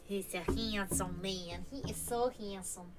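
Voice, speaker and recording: At home, a woman hosts an esoteric livestream, rambling and chatting casually while laughing often and swearing. She drifts into high, sing-song baby talk with her cats, and the audio quality is poor.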